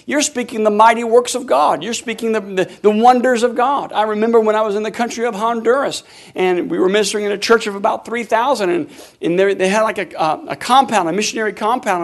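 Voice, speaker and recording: A man preaching a sermon in a high voice. He shifts between quick talk and loud, drawn-out calls, and asks the congregation to answer him. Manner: preaching with sudden loud bursts; call-and-response with the congregation. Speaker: pastor.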